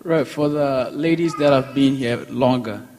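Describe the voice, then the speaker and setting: Guy in church kinda unsure, slow, hall echo around him. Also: mid-range voice, darkish tone.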